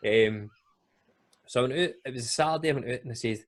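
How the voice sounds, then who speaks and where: A Glaswegian Scottish man hosting a casual podcast, telling a story in loose, colloquial speech. His voice sits at an ordinary middle pitch, and he laughs often as he talks. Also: brisk, long pauses. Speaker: podcast host.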